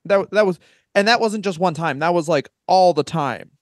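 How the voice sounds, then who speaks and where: A man's voice: sits high, moderate pace, dry recording, clean studio sound. A middle-aged man, a comedian co-hosting a podcast, rambling and restarting his sentences in casual chat.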